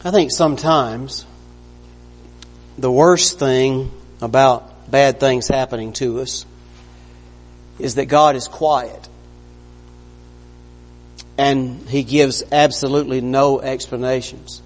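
A man's voice: medium pitch, fairly even intonation, slow, pauses often. Guy preaching a sermon, chatty and earnest, long hall reverb. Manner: earnest, conversational, acts out quoted lines.

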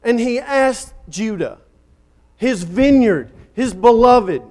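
A male preacher with a fairly high voice delivers a sermon at an unhurried, deliberate pace. He swells on key phrases and then drops almost to a hush at their ends, in a dramatic pulpit style. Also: expressive.

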